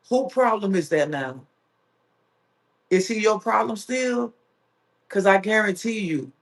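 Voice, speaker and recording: A man with a high voice who talks in an unhurried, drawn-out way. He hosts a casual live stream and banters playfully with his viewers, teasing them as he reads their comments aloud. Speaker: livestream host.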